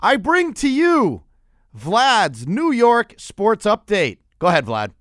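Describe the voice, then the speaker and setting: A man's voice: high-pitched, wildly swooping pitch, slow pace, a bit bright, dry recording. Teasing man co-hosting talk radio. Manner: teasing, joking banter. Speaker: radio sports talk co-host. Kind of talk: sports talk radio banter.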